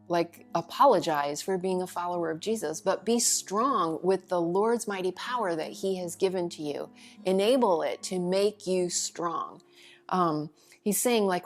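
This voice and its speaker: A woman leading a women's Bible study, teaching in an earnest, casual way with loose fillers. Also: lowish voice.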